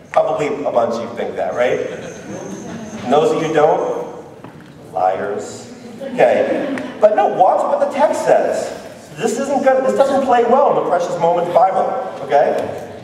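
A man's voice: high-pitched, dark tone. A man preaching as a missionary, retelling a Bible story in a playful way and asking his audience questions. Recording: very echoey hall, voice from far off.

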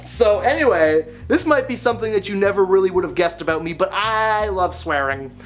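A young man telling comic confessional stories in a deadpan, self-mocking way, as a vlogger. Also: sits high, a little fast, soft background music. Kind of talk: comedic confessional monologue.

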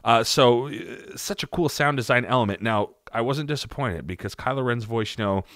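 A man's voice: mid-range voice, a little fast, fairly bright tone, no room sound, studio quality. A man hosting an audio tutorial in a rambling, jokey, profane way. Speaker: tutorial host, sound designer. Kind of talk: casual tutorial talk.

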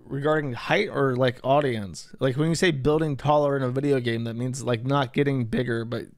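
A man's voice: medium pitch, fairly even intonation, moderate pace, dry recording, clean studio sound. A man hosting casual online commentary, irreverent and profane, with slangy asides. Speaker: internet commentary host.

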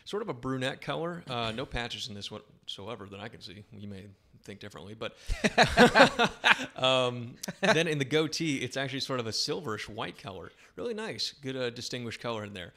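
A man's voice: mid-range voice, very animated, moderate pace, pushed and bright. A man hosting a live-stream podcast, describing a viewer's beard in easygoing, descriptive chat with plenty of filler words. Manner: easygoing, descriptive, lots of 'um' and 'okay'. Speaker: show host, style consultant.

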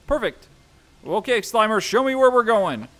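A man's voice: high voice, sing-song, moderate pace, a bit bright. Jumpy, swearing young man playing a game. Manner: jumpy, swears often, self-mocking. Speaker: gameplay streamer. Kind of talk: let's-play commentary.

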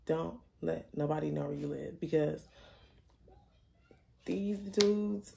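A young adult woman telling a story in a casual, blunt, animated way, swearing freely. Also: low-pitched, slow, creaky, noisy background. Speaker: storyteller vlogger.

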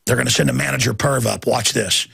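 A man's voice: medium pitch, quick pace, creaky, fairly bright tone, husky. A man hosting a talk show, ranting emphatically and jumping from one story to the next. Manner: ranting, emphatic, jumps between stories. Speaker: radio talk show host. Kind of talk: heated monologue.

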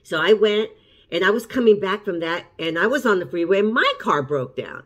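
A woman's voice: mid-range voice, animated, fairly quick. Middle-aged woman telling a story. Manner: chatty, repeats and restarts while recounting events. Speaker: cooking channel host. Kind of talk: casual storytelling to camera.

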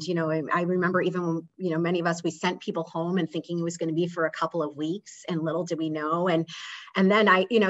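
A woman's voice: fairly low pitch, a bit bright, lo-fi sound. A woman executive and interview guest, speaking earnestly and loosely in a conversational storytelling way, with many fillers and restarts over a video call.

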